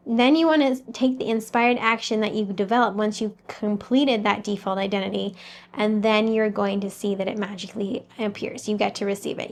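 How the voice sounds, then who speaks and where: A woman talking as a mindset coach, giving an earnest, conversational motivational talk straight to the listener. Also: mid-range voice.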